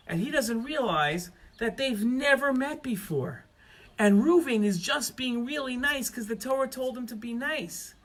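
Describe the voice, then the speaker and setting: Kids' storyteller, a man with a bright, high, expressive voice. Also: unhurried. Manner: animated, expressive. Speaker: children's storyteller. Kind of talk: children's story narration.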